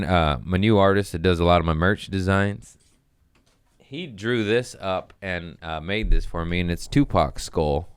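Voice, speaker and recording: A man's voice: on the low side, clean tone, no echo. A man hosting a comedy podcast, ranting profanely and acting out voices in a casual comedic style. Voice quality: profane, animated, acts out voices.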